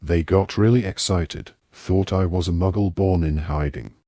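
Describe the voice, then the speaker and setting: An awkward teenage wizard boy, as a man reads him, defensive and apologetic, explaining in a rush. The voice sits deep and low, recorded dry with no room sound. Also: moderate pace, mellow, no room sound.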